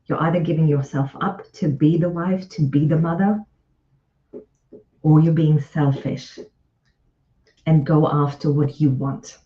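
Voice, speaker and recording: A woman speaking slowly and thoughtfully as a relationship coach, circling back over her points. Her voice is mellow, with a middle pitch. The recording rings with room echo and sounds a little dull and lo-fi. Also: fairly even intonation. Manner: reflective storytelling, often repeats phrases. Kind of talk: live online talk with client anecdotes.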